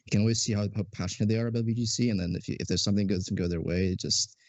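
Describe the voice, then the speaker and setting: A man chatting casually as a podcast guest, relaxed and easily amused, often repeating words. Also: lowish voice, racing, no room sound. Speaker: guest player. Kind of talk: casual gaming podcast chat.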